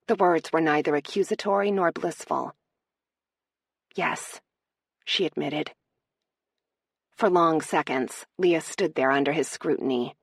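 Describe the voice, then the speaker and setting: Woman narrator, romance audiobook, deep voice, gravelly, dry close mic. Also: moderate pace, few pauses, dry recording.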